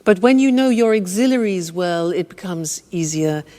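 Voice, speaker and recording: A woman teaching English grammar with slow, deliberate explanations, drawing out her example sentences with exaggerated intonation. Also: fairly low pitch, animated, warm tone, in a large hall.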